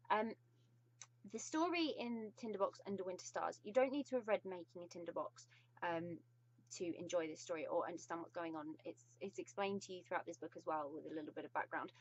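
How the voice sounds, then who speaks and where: An effusive British woman talks through a casual book review in a fairly low voice, full of pauses as she gushes. The sound is dull and lo-fi, like a simple home recording. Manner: gushing and effusive, with frequent pauses.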